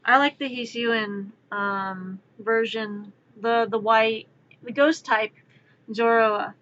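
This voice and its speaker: A young woman streamer chatting casually, rambling into animated storytelling. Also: on the high side, slow, lo-fi sound, a little hiss or hum. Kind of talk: casual chat while drawing. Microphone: streaming mic.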